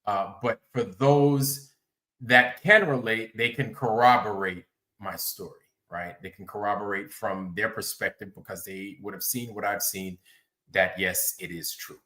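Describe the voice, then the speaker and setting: A man's voice: lowish voice, fairly even intonation, a little slow, bright, forceful tone. A man hosting a livestream, chatting casually, rambling and greeting viewers by name. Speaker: livestream host.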